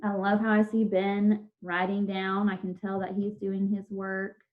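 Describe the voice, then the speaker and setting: A woman's voice: medium pitch, monotone, measured pace. A woman teacher giving a patient, step-by-step spelling lesson to children over a video call, sounding out each syllable and letter. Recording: dull lo-fi video call audio.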